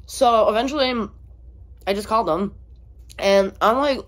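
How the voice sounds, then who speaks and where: A young woman vlogger chatting casually while eating, with lots of "like", and acting out her own and others' lines in a higher voice. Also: moderate pace, pauses often. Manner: chatty, heavy use of "like", acts out dialogue with a raised pitch. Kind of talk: casual storytime chat. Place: indoors at home, eating on camera.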